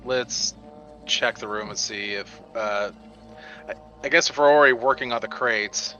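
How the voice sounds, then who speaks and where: A man at a tabletop game asking tentative questions in a bright, forceful voice. His mic sounds dull and lo-fi, and faint music plays behind him. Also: mid-range voice, normal speed. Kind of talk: casual chat.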